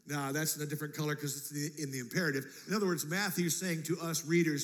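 A man preaching a sermon as pastor, animated and jokey, acting out quotes in a church. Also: a little high, fairly quick, few pauses. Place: church sanctuary. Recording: long church reverb.

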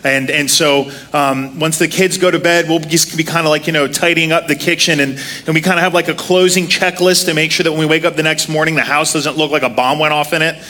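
A man in his thirties delivers a relaxed, conversational sermon, seated and full of self-deprecating jokes. His voice is bright and slightly high, and he tells stories casually. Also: fairly quick, few pauses. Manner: self-deprecating, joking storyteller. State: walking with a limp, sitting to preach. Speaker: preacher.

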